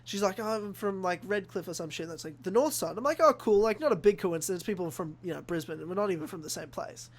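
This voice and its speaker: A young man from Australia, hosting a casual podcast and telling an animated story full of acted-out quotes and swearing. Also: sits high, fast, few pauses. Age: young adult. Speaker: podcast host. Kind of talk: casual chat.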